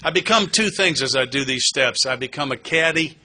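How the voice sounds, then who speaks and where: A middle-aged man tells his own story to a recovery meeting, earnest and plain-spoken, with flashes of wry humor. His voice is strikingly bright and forceful. He speaks at an even, ordinary pitch. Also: a little fast. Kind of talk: candid personal testimony talk. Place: meeting hall.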